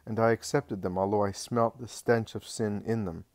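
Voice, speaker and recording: A man reading as Jesus, calm and gentle. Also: on the low side, no echo, natural voice. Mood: gently instructive. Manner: measured, patient, reassuring. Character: Jesus, calm gentle adult male teacher. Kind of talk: audiobook reading of a religious text.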